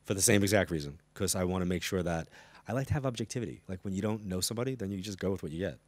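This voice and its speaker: A middle-aged man tells stories quickly, playing out both sides of each conversation. His voice sits low, and the studio sound is dry and close. He is a guest in front of a live audience. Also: no echo. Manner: animated anecdote telling, acts out dialogue. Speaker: psychic medium guest. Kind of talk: storytelling interview chat.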